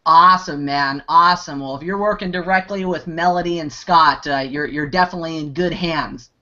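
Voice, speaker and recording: A man hosts a live online Q&A in a video hangout, rambling with plenty of restarts and fillers. His fairly high voice is brisk, pushed, and bright. The audio is dull, lo-fi video call sound.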